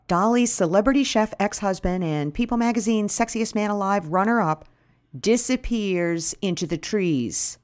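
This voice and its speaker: Woman storyteller, animated and wry, comic first-person tales. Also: medium pitch. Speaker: podcast host and storyteller.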